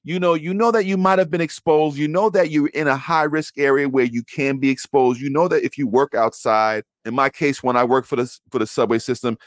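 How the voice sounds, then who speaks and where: A man co-hosting a podcast, talking in a blunt, profane, animated way. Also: medium pitch, a little fast, few pauses, no room sound, studio quality. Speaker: podcast co-host. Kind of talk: casual chat.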